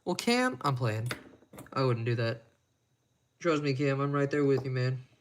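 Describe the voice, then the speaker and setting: A man's voice: medium pitch, a little slow, slight background noise. A man chatting casually on a live stream while he repairs watches at his bench, rambling and making crude, self-mocking jokes.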